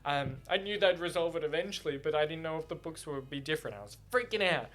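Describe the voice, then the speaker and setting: A man chatting casually about a book, excitable, swearing freely and laughing often. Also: a little high, fast talker. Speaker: book reaction vlogger. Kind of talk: casual chat.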